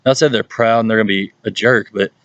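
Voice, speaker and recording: A youth pastor from Mississippi with a Southern accent, talking casually and playfully in an advice vlog at home. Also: male voice, fairly even intonation, fast talker, fairly bright tone, no room sound, dull audio. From Hattiesburg, Mississippi, USA. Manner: chatty and playful, jumps into exaggerated high-pitched voices when quoting people. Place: at home, with his dog nearby.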